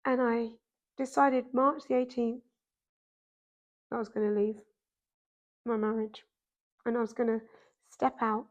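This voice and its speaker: A woman with a fairly high voice tells her own story as a podcast guest. She speaks animated and emphatic, and she acts out the voices she quotes. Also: a little slow, long pauses, lo-fi sound. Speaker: podcast guest, dancer and author. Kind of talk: personal storytelling in conversation.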